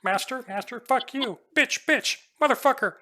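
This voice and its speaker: A man voicing a horde of small angry creatures that chant insults in high, squeaky voices. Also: moderate pace, pushed and bright, exaggerated voice. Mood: jeering.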